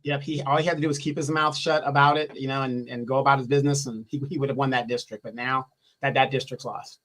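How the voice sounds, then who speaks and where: A man's voice: medium pitch, steady tone, quick pace, a bit bright, low-quality recording. A man giving opinionated political commentary in an emphatic way, asking rhetorical questions and repeating phrases for weight.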